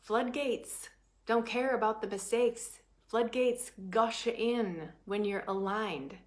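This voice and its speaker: A woman prosperity coach giving a motivational class talk, animated and emphatic, with sudden swings between quick bursts and slow drawn-out phrases, often checking in with "right?". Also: fairly high pitch.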